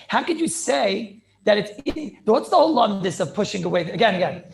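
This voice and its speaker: A rabbi teaching a Talmudic class over a video call, repeating phrases and checking in with "right?" and "clear?". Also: male voice, sits high, sing-song, fairly quick.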